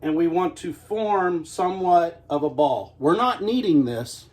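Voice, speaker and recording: A man's voice: on the high side, animated, a little slow, a little mellow, a little hiss or hum. A middle-aged man giving a casual, joking baking demonstration in his home kitchen, talking the viewer through each step in a folksy, self-mocking way. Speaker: homestead cooking host.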